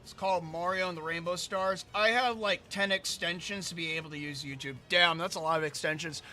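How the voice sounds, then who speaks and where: Hoarse high-voiced man ranting over gameplay. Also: fairly even intonation, fairly quick, bright, forceful tone, soft background music. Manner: ranting, reads chat aloud. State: hoarse, losing his voice. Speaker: gaming streamer. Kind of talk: casual let's-play commentary.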